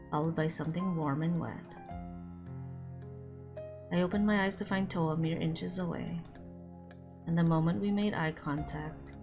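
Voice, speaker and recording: Low-voiced woman reading a visual novel. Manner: reads narration with quick asides. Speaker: game streamer.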